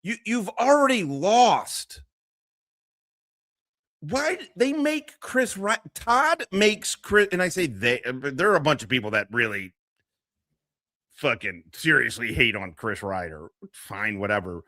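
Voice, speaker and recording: A man hosting a live stream and giving casual reaction commentary in a profane, mocking, excitable way. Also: fairly high pitch, unhurried, no room sound, studio quality.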